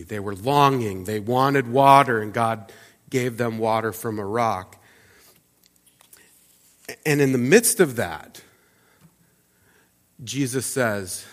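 A man preaching a sermon as pastor, talking in a loose conversational way with fillers and restarts, dropping to soft asides and rising to loud emphatic peaks. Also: fairly low pitch, big-room sound. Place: church sanctuary.

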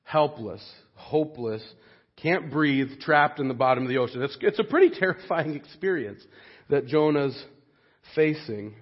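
Husky-voiced man preaching earnestly. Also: normal speed. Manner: earnest and expressive, dropping soft and low on grave moments. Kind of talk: sermon. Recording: dull lo-fi recording.

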